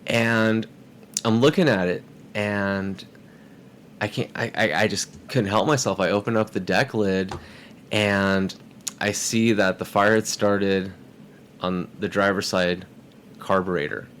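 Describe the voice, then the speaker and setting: A man's voice: on the low side, unhurried, slight background noise. A man telling a story in a casual podcast chat, acting out the voices of people in it. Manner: animated, acts out quoted voices. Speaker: podcast guest.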